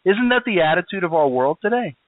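A man's voice: sits high, expressive, fast, dry recording, phone-quality sound. A man preaching a sermon with emphatic, rising and falling delivery.

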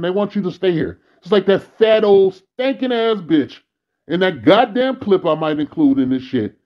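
A man's voice: sits high, big pitch swings, moderate pace, highs cut off. A man delivering a bitter, weary, profanity-heavy monologue as a vlogger. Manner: bitter, weary ranting, frequent cursing.

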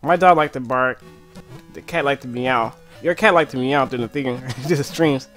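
A man chatting casually on a live game stream from home, animated and excitable, often laughing. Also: medium pitch, moderate pace, soft background music. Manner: animated, excitable, often laughing and breaking into movie-line impressions. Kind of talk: casual live-stream chat while playing.

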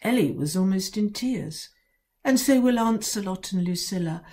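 A woman author reading her own children's book aloud in a wry, sly first-person storytelling voice with dramatic pauses. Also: mid-range voice, expressive, warm tone.

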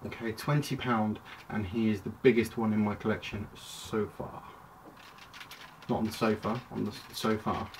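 A man's voice: on the low side, steady tone, moderate pace. A man casually reviewing a toy at home, chatty and rambling, often breaking off mid-sentence. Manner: rambling, chatty, self-interrupting. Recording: distant mic with clear background noise.

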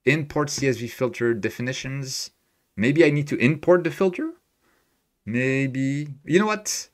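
A man with a mid-range voice talks a little slowly. He's hosting a live astrophotography stream from a home desk in Tokyo, musing aloud through a screen tutorial and cheerfully replying to what viewers write in chat.

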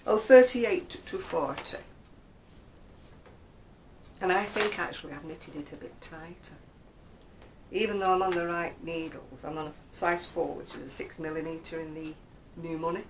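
A woman's voice: lowish voice, moderate pace, pauses often, a little hiss or hum, poor audio. An older woman chatting casually about her knitting in a rambling, self-deprecating way. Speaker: craft vlogger. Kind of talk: casual knitting chat to camera.

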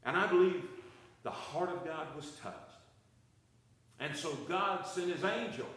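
A man's voice: a little high, expressive, normal speed, a bit bright, heavy reverb, rough recording. A man preaching a Bible study sermon as pastor, his delivery rising and falling for emphasis. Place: church.

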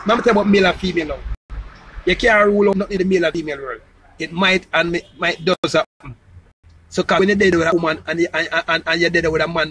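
Jamaican man, high voice, loose freewheeling monologue, faint noise behind. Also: a bit bright, rough recording. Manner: loose, repetitive, asks "you understand?". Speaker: entertainer promoting his new song. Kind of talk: rambling casual monologue.

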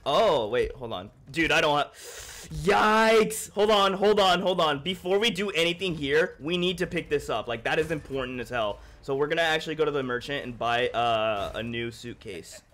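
Excitable bright-voiced young male streamer. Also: on the high side, moderate pace, few pauses. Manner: excitable, joking and thanking chat. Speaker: livestreamer. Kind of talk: casual gaming livestream chat.

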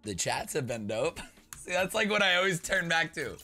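Young male gaming YouTuber, casual rambling commentary, bright and very animated delivery. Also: a little high, moderate pace, faint music behind. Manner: rambling, joking, swings into loud playful outbursts.

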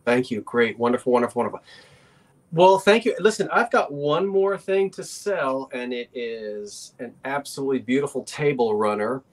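A man co-hosting a live online auction, talking in a folksy, gently enthusiastic way. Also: mid-range voice, normal speed, hardly any pauses. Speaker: auction co-host.

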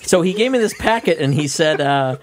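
A man telling an anecdote in casual podcast chat, relaxed and swearing, with laughs along the way. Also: fairly high pitch, fairly quick, loud music behind the voice. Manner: laid-back, swears, laughs while telling stories. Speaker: podcast co-host. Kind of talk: casual storytelling.

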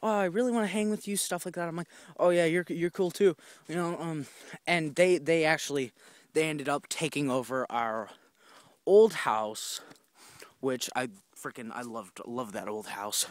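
A man's voice: fairly high pitch, measured pace, dry recording, studio quality. A young man telling rambling stories outdoors while walking, swearing often and acting out what people said. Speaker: vlogger. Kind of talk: casual storytelling on a walk. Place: outdoors on a walk.

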